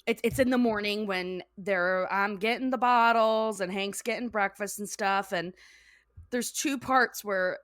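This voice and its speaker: A young woman co-hosts a casual podcast, recapping a cartoon episode with frequent giggles. Her voice sits at an average pitch. The recording is dry and close. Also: unhurried, a bit bright, no room sound. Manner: giggly, acts out quotes in character voices. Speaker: podcast co-host.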